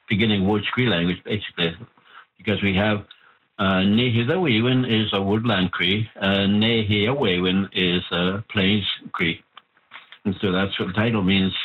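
Husky-voiced man on a tinny phone line. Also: lowish voice. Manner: measured, explanatory, with pauses and fillers. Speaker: author of a Cree language book. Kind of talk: phone interview, explanatory.

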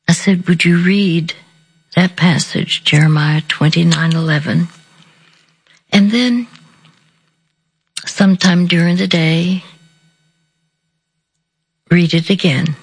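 A woman telling a personal story in a slow, deliberate, softly earnest way. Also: on the low side, creaky, slightly rough, rough recording. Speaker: speaker sharing a counseling story. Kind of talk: reflective storytelling talk.

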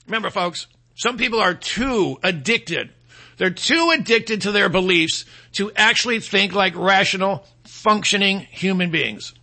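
A man's voice: sits high, measured pace, vocal fry, pushed and bright. A man hosting a talk show, delivering a combative opinion monologue in a mocking tone and mimicking his opponents in quoted voices. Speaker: radio talk show host.

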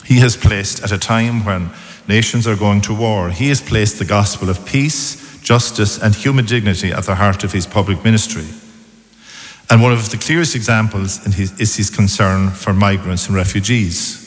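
A man preaching a measured, deliberate sermon as a priest. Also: fairly low pitch. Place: church. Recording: long church reverb.

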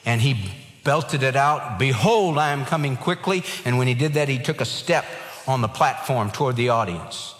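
A man's voice: mid-range voice, moderate pace, a bit bright. A man preaching a sermon in an earnest way, shifting his emphasis and telling a joke. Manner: earnest preaching, varied emphasis, tells jokes. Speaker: pastor. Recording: long hall reverb.

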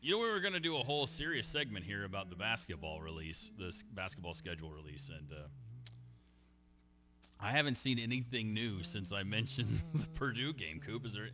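A man's voice: fairly low pitch, lively intonation, brisk. A man hosting a casual sports talk show, joking with his co-hosts and reading out a team's schedule with energy. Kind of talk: casual sports radio banter.

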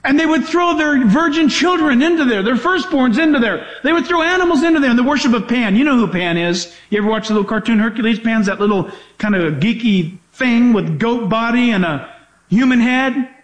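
A male preacher with a very high voice delivers a sermon in an echoey church. He preaches with animated swings, throwing out rhetorical questions and mock voices. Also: fairly quick. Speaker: pastor.

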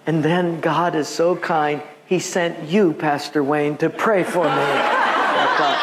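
A man preaching as a pastor, telling animated personal stories and acting out the voices of the people in them, laughing often. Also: fairly high pitch, slow pace, a loud crowd, heavy background noise. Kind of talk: sermon with storytelling.

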